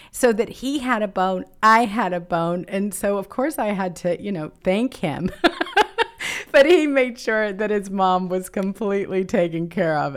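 A woman with a low voice hosts her own live online show. She chats casually and fondly to her audience, laughing often as she rambles. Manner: chatty, affectionate, laughs often. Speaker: host of a live political show. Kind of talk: casual livestream chat. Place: Los Angeles home.

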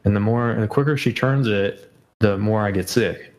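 A man's voice: on the low side, moderate pace, darkish tone, low-quality recording. A man as a podcast guest in casual chat, rambling with many fillers and self-corrections.

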